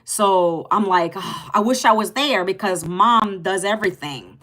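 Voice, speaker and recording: A woman in her fifties hosting a casual livestream, loud and passionate, rambling and emphatic as she repeats herself. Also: mid-range voice, measured pace. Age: 50s. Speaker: livestream host.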